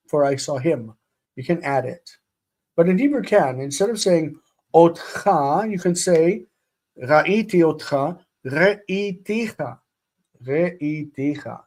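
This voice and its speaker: A man teaching a live-streamed grammar lesson, speaking deliberately and repeating words for students to drill. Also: on the high side, a little mellow. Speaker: Hebrew teacher.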